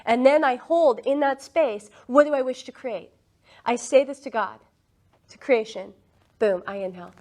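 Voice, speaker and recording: Earnest woman meditation teacher, casual group talk, slightly high voice, easy laughter. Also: darkish tone. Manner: laughs often, earnest and enthusiastic.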